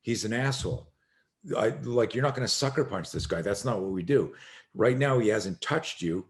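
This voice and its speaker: A middle-aged man, a self-defense instructor, telling an animated story as a podcast guest and acting out the voices of the people in it. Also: on the low side, moderate pace. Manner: acts out quoted voices, swearing, emphatic.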